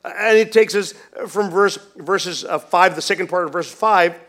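High-voiced pastor preaching a sermon. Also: male voice, measured pace. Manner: swings from hushed to loud and emphatic, with many restarts.

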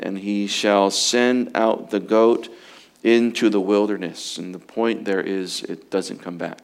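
Male preacher, sermon, earnest, lowish voice, very deliberate pace, swells then hushes. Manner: earnest, slows and swells for emphasis, drops low and quiet. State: emotional, fighting to get through.

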